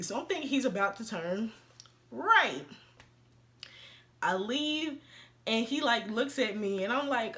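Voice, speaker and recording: A young woman tells a story in casual vlog style, her voice sitting a little high. She speaks, mixes in plenty of slang and jumps into the voices of the people in her tale. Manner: animated, slangy, acts out quoted dialogue. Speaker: vlogger.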